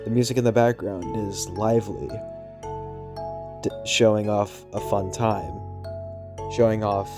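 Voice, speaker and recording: A man with a scratchy throat narrating a horror story voiceover in a low monotone, hushed on the eerie lines. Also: a little slow, long pauses. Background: music.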